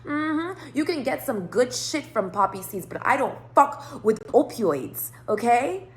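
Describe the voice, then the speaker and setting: A woman telling a long, rambling personal story to camera, swearing freely and acting out both sides of the conversation. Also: a little high. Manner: rambling, profane, animated retelling. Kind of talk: casual storytime monologue.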